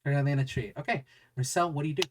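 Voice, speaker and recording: A man's voice: a little high, rapid-fire, slight background noise. A man narrating as game master of a tabletop game, rambling and searching for words with many fillers.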